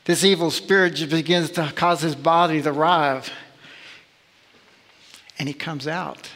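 A man's voice: a little high, fairly even intonation, unhurried, a bit bright. A man preaching a sermon as pastor, emphatic and full of rhetorical questions. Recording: long reverb of a large hall.

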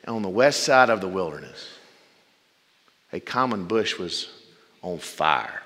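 Male preacher, sermon, sharp bright tone, dramatic loud-to-hushed delivery, folksy asides, long church hall reverb. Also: sits low, lively intonation, a little slow.

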